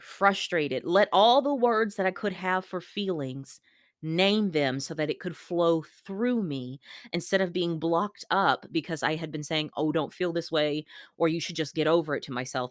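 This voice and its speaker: A woman talking candidly to camera in an earnest, gentle way, pausing and repeating herself as she shares a coping tip. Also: deep voice, no echo, studio quality. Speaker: vlogger sharing a coping tip. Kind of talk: candid personal talk to camera.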